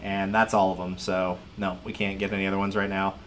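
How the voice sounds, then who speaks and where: A man's voice: sits low, monotone, brisk, a bit bright, slight background noise. A man giving casual gameplay commentary on a livestream, chatty and wry, joking as he plays.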